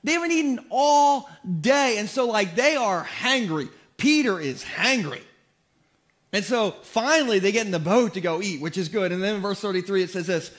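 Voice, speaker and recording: A man preaching a sermon as pastor, telling comic, self-deprecating stories in an animated way. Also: high-pitched, normal speed. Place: church.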